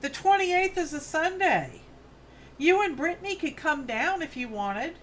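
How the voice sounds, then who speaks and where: A woman in her fifties speaks with a New York accent, her voice sitting a little higher than most. She hosts a relaxed craft livestream from her farm home studio and chats with viewers as she works. She rambles warmly through friendly asides, reading comments aloud as she goes. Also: unhurried, a little hiss or hum. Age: 50s. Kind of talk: casual chat while crafting, answering viewer comments.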